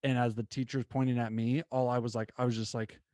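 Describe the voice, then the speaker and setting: A young man hosting his own show, telling a story in an animated, casual way with lots of fillers. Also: medium pitch, fast talker, no echo, clean studio sound. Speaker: podcast host.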